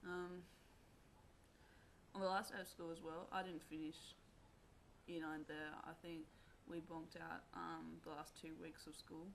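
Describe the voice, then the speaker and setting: A young woman telling a personal story to camera in a rambling, halting way, full of fillers. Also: low-pitched, little pitch movement, vocal fry, a little hiss or hum. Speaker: vlogger.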